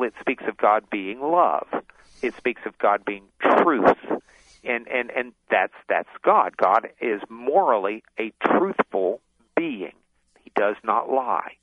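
A man's voice: on the low side, no echo. A man who is a guest author on a radio interview, explaining his ideas at length with many restarts. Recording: tinny phone line.

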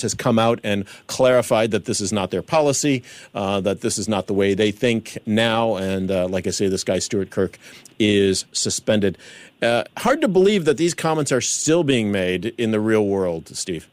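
Low-voiced host guy, measured, kinda incredulous, dry close mic. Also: a little mellow, no echo. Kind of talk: casual news chat.

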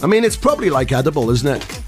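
A man's voice: fairly high pitch, big pitch swings, quick pace, loud music behind the voice. Punning male radio co-host. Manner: anecdotal, punning. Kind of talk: casual radio banter.

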